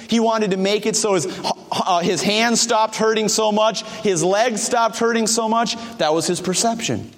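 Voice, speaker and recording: High-voiced preacher in an echoing church. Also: male voice, normal speed, faint music behind. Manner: questions the congregation directly. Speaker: pastor. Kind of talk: sermon.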